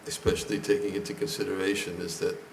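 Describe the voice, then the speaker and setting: An older man giving a temple lecture, hoarse and losing his voice, speaking haltingly and often clearing his throat. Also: low-pitched, flat delivery, a little hiss or hum. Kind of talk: lecture to a congregation. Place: temple hall.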